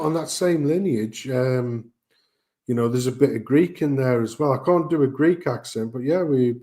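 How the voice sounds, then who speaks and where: A man's voice: fairly high pitch, a little mellow. A middle-aged man, telling rambling family anecdotes in casual chat, joking and swearing as he goes.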